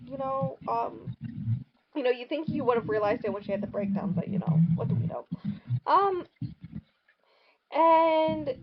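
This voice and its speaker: A young woman casually retelling a short story on a podcast, rambling and full of fillers. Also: sits high. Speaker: podcast co-host summarizing a book. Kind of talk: casual book discussion. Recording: dull lo-fi sound with steady noise.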